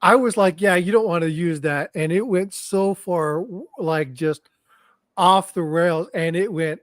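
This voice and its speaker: A man's voice: sits high, unhurried, dry recording. A man hosting a casual live stream, laughing often and reading comments from the chat.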